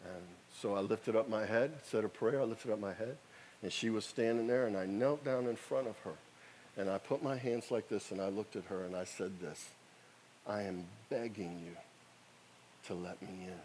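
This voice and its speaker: A man's voice: fairly low pitch, brisk, a little mellow, a little hiss or hum. A man in his fifties preaching a sermon, telling a story with emphatic, repetitive exhortations. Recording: echoey hall reverb.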